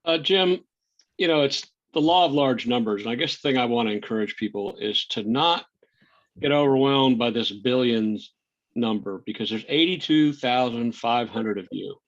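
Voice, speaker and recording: A man's voice: medium pitch, normal speed. Man, moderator, hesitant, repeats words, muffled audio. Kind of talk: reading audience questions. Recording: dull, muffled sound.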